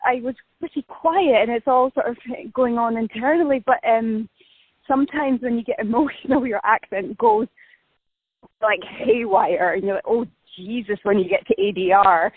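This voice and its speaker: A woman's voice: fairly high pitch, moderate pace, no room sound. A Scottish woman talking in a casual phone interview, chatty and self-deprecating, laughing often while walking outdoors. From Scotland. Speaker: actress being interviewed. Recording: tinny phone line.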